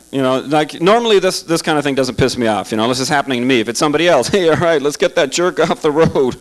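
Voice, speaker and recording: A man's voice: on the high side, poor audio. A man doing a stand-up comedy set in a club, sarcastic and chatty, asking the crowd questions.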